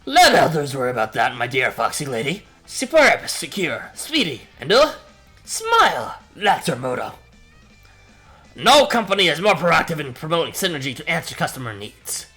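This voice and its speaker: A man playing a booming bull-man salesman. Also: huge pitch swings, moderate pace, sharp tone, breathy edge, faint music behind, full character voice. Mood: hammy. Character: huge muscular bull-man businessman, boisterous flatterer.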